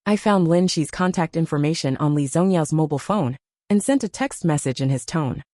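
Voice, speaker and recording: A woman narrating a first-person audiobook story in a steady storytelling manner. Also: low-pitched, fairly quick, no echo, clean studio sound.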